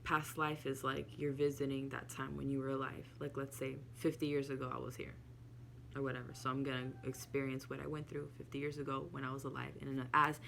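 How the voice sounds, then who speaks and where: A woman's voice: rumbling low, level tone, a little fast, vocal fry, a bit bright, a little hiss or hum. A woman casually telling a personal spiritual story to camera, candid and emotional, swearing freely. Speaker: spiritual vlogger.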